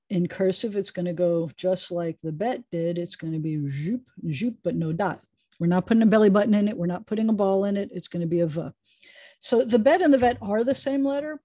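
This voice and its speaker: A woman rabbi teaching a Hebrew reading lesson over a video call, patient and chatty with playful asides, sounding out letters slowly. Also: medium pitch, warm tone, dry recording.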